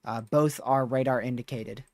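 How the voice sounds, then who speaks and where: A man's voice: mid-range voice, steady tone, moderate pace, dry recording. A man hosting a live severe-weather stream, talking casually with viewers while reading radar, his voice starting to wear out. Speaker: livestream host.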